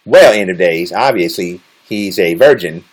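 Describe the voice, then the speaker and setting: A man's voice: low voice, lively intonation, moderate pace. A man chatting casually with viewers on a livestream, teasing and joking crudely as he reads their comments. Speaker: live streamer.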